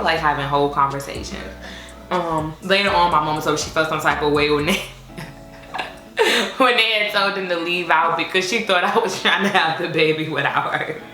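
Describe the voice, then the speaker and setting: Chatty young woman in an echoey room. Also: on the low side. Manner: chatty and expressive, with many fillers. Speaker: vlogger telling her labor story. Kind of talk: casual storytime chat. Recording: echoey room with faint music.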